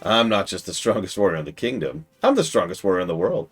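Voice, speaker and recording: A cocky male warrior voiced by a man reading along on a game stream brags about his strength and mocks his foes. The voice is husky and lively, swinging up and down. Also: low-pitched, fast, faint music behind, full character voice. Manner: brash, bragging, mocking. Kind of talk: reading game dialogue aloud in character.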